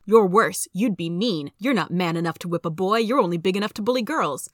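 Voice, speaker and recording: A woman doing a gruff bullying father. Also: mid-range voice, expressive, fairly quick, no room sound, clean studio sound, natural voice. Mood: scornful. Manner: gruff, scornful.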